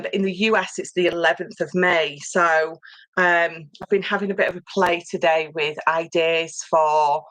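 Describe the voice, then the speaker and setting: Chatty woman, low voice. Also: fairly bright tone, dry recording, rough recording. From England. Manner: chatty, rambling, reads viewer comments aloud. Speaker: papercraft host. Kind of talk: casual livestream chat. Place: home craft room.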